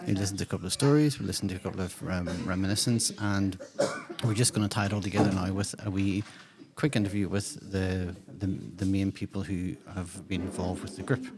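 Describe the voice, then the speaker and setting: A man with a low, steady voice speaks fairly quickly as he hosts a casual community podcast interview, rambling through restarts and fillers. He's a podcast host and digital hub coordinator, recording in a community centre room with a group chattering in the background.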